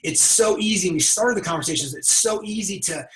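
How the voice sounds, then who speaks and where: A man hosting a motivational conversation, talking in an energetic coaching tone. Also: high-pitched, fairly quick, echoey room, poor audio. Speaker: podcast host.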